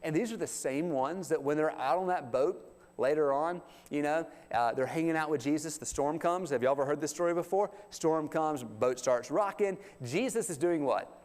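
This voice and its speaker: A man with a drawl preaches in a church, his folksy delivery slipping into little acted-out voices. His voice sits a touch higher than most men's. It rings in a long hall reverb. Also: moderate pace. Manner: folksy, animated, acts out quotes. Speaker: pastor. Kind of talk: sermon. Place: church sanctuary.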